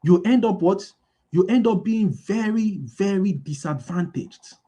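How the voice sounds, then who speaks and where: A man's voice: high voice, animated, a little slow, warm tone. A man giving a motivational business talk, repeating key lines and asking his listeners to fill in the answers. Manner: asks the audience call-and-response questions. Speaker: business speaker.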